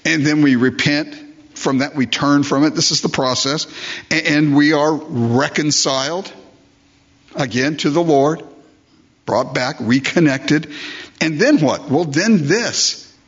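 Emphatic older male pastor, husky voice. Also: a little high, measured pace, muffled recording. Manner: emphatic, repeats phrases, asks rhetorical questions. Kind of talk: sermon.

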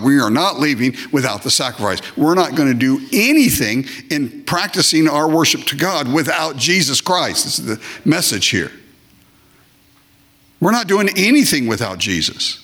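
Man, pastor, sermon, lively swinging pitch, emphatic repeats, puts on brief comic voices. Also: moderate pace. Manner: acts out short comic voices of worshippers and God; emphatic, repeats phrases for effect.

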